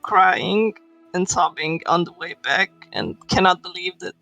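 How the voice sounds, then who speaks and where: A tabletop game player chatting casually, joking and trailing off mid-thought. The voice is gravelly with a bright, forceful edge. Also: medium pitch, a little slow, no echo, faint music behind, low-quality recording.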